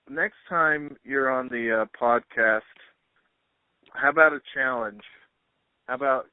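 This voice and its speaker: A man's voice: mid-range voice, no echo. A man hosting a podcast, chatting in an easygoing way with lots of fillers. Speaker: podcast host. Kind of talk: casual interview chat. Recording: dry, tinny phone-like line.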